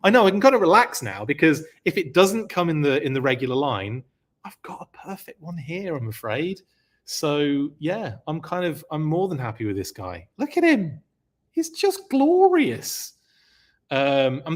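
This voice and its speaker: Male host, excitable live-stream presenter, chatty with lots of fillers. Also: fairly high pitch, normal speed. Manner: excited, gushing; chatty, many fillers and restarts. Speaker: podcast host. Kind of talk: live-stream show-and-tell, reading viewer comments.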